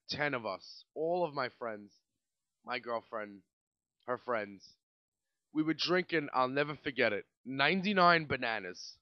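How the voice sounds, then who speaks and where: In a medium-pitched voice, a podcast host in his late twenties with a New York accent tells a casual, animated story that rambles and swears. The audio is dull, with no room sound.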